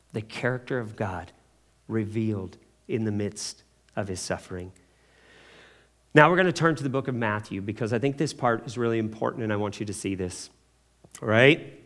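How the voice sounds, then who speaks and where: A man teaching a Bible lesson to a class, dropping to hushed, slow quotes and rising to loud emphasis, often checking in with his listeners. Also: medium pitch.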